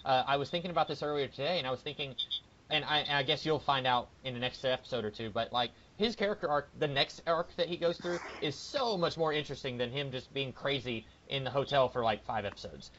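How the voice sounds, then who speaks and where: A young man co-hosting a casual podcast chat, animated and given to silly voice impressions. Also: mid-range voice, quick pace, lo-fi sound. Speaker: podcast co-host.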